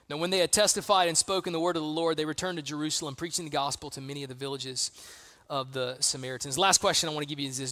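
A man's voice: on the high side, steady tone, brisk, bright, forceful tone. A man preaching a sermon as pastor, conversational and emphatic, acting out quotes and building intensity. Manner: conversational, uses acted-out quotes.

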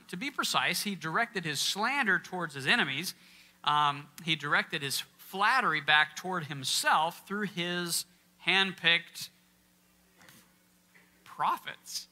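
With a high-pitched, sharp voice, a man serves as workshop speaker for an interactive Bible teaching session before a live church audience. He keeps it conversational, quizzing those listening and stressing important words.

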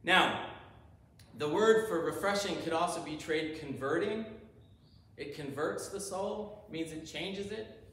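This sermon comes from a pastor whose voice is on the high side and a bit bright, moving at a measured pace. He eagerly explains Hebrew vocabulary and raises rhetorical questions, and the sanctuary recording sounds roomy and remote.

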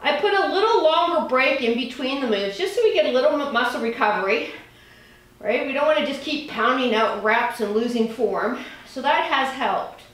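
This forties-aged fitness trainer speaks in a high, animated, somewhat bright voice at a normal pace while leading dumbbell exercises. Her instruction comes wrapped in casual talk, plenty of laughter and the odd swear word. The audio has a roomy echo and places her at a distance.

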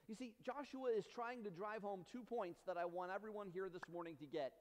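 A man preaching a sermon as pastor, impassioned, swinging between loud slow emphatic lines and soft quiet drops. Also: sits high, slight background noise. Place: church sanctuary. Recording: reverberant church hall.

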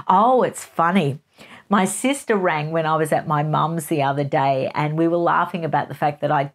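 A middle-aged woman hosts a casual gossip show, chatting along in a playful, giggly manner. Her voice sits slightly low for a woman. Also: normal speed. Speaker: host.

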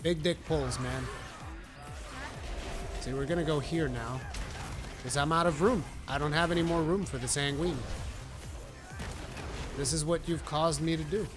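A man giving live gameplay commentary, with brash, profane trash talk at his teammates and sudden excited shouting. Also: fairly high pitch, a little slow, long pauses. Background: game music.

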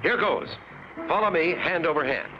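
A man voicing a steady adult adventure hero with a brisk, commanding manner, on a lo-fi 1950s cartoon soundtrack. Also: on the high side, over music, close to an everyday voice.

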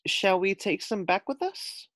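A man voicing a caring female rabbit in a children's storybook, lifting his voice higher and speaking softly. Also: sing-song, unhurried, no room sound, clean studio sound, exaggerated voice. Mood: tender.

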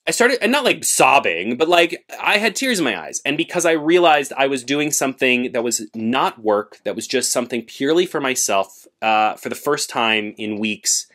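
A man chatting casually about books he read this month, expressive and full of fillers, with lively jumps in pitch when he gets excited. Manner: frequent fillers like "like" and restarts. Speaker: book vlogger. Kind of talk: casual book review chat.

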